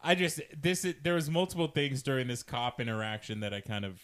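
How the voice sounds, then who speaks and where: A man's voice: medium pitch, expressive, brisk, a bit bright, clear, resonant tone. Easygoing man in casual chat. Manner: easygoing, laughs along, playfully argumentative. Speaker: podcast co-host.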